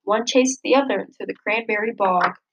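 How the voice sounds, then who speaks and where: A woman reading a children's picture book aloud, gently expressive and lifting her voice for the characters' lines. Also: medium pitch, normal speed, dull audio, a little hiss or hum. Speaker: storybook reader.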